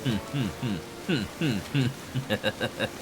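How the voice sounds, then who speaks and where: A man's voice: on the low side, lively intonation, drawn-out words. A man streaming a video game, chatting playfully with his viewers and humming to himself. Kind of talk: casual game commentary. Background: game music.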